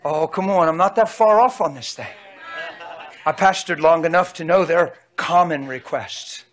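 A man's voice: fairly high pitch, normal speed. A man preaching a sermon in an emphatic, folksy way, repeatedly calling out to his audience.

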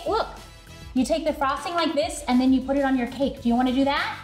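A woman's voice: high voice, fast, faint music behind. A woman hosting a casual cooking tutorial in her home kitchen, chatting straight to viewers and laughing often. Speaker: host.

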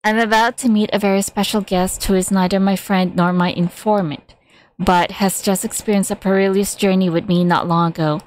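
A woman reading a game's story aloud at a measured pace, now and then stumbling or adding casual asides. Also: mid-range voice, fairly even intonation, a little mellow, poor audio. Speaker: reader of game story.

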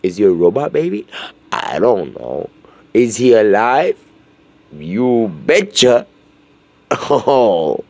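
A man's voice: mid-range voice, sing-song, slow pace, pauses often, no echo. A young man, just woken up, rambling crudely and jokily in a casual vlog monologue, swearing often.

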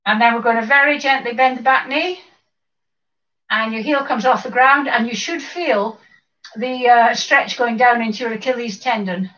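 A woman in her sixties coaches an exercise class from her home, counting each rep aloud and chatting between moves. Her voice sits a little high and sounds bright and forceful. The recording is slightly dull and lo-fi. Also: moderate pace. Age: 60s. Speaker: fitness instructor.

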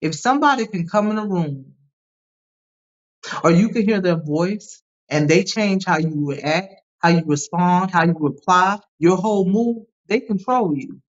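A woman guest on a podcast, telling personal stories in an emphatic, animated way and often asking "right?" as she goes. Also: on the low side, measured pace. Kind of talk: candid personal storytelling. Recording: dull lo-fi sound.

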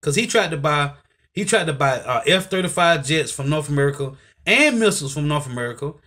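A man with a high voice preaches to his listeners. He is emphatic and keeps tossing in "man" and "right?" as he drives each point home. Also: expressive, brisk, sharp tone. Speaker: bible teacher. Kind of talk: preaching commentary.

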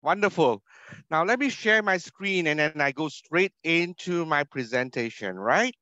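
A Singaporean university academic with a Singaporean English accent delivers an online conference keynote over a video call, stressing key words and posing rhetorical questions. His voice is a little high, animated, bright, and forceful, and a little slow. The computer mic gives dull, dry audio with no echo.

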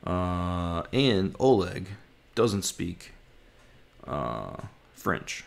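A man vlogging his language study, thinking aloud, haltingly sounding out words and correcting himself. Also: deep voice, sing-song, gravelly.

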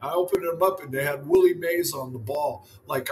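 A man's voice: on the high side, moderate pace, a little hiss or hum. A man in his seventies, a former ballplayer, telling rambling anecdotes in an interview with lots of "you know". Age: 70s. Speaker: former baseball pitcher, guest. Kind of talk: storytelling interview.

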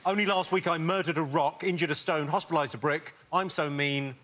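A man's voice: on the high side, brisk. A man hosting a comedy panel quiz in a TV studio, dry and teasing. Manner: dry, teasing, breaks into laughs. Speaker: quiz host. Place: TV studio with live audience. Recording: loud audience and noise.

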